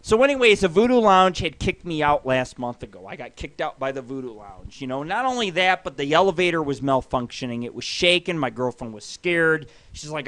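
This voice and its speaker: A man hosting a live internet radio show, drunk and rambling through a crude, boastful story with loud outbursts. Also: on the high side, big pitch swings, brisk, dry recording.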